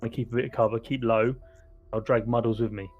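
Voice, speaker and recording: A man's voice: medium pitch, steady tone, fast, phone-quality sound. Rambling man playing a tabletop game. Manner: rambling, restarting sentences while planning aloud. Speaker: player. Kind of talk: tabletop role-play chat. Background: faint background music.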